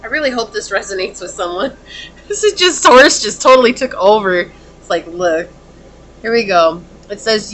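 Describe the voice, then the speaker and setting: A woman's voice: medium pitch, animated, moderate pace, fairly bright tone, a little hiss or hum. A woman giving a casual pick-a-card tarot reading, talking earnestly and in a rambling way, with lots of "like" and "okay?". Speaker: tarot reader.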